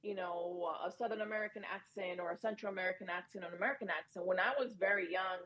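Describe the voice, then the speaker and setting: A woman's voice: on the low side, fairly even intonation, quick pace, a bit bright, poor audio. A woman from Colombia, a native Spanish speaker with a Colombian accent, animatedly sharing opinions as a podcast co-host. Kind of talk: casual panel chat.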